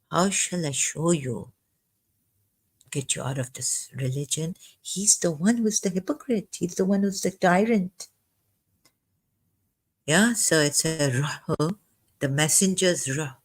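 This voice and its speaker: Slow halting talker going over a verse, keeps restarting and repeating, bit of a cough. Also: medium pitch. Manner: slow and deliberate, dwells on single words. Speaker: religious commentator. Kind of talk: informal commentary on a scripture verse.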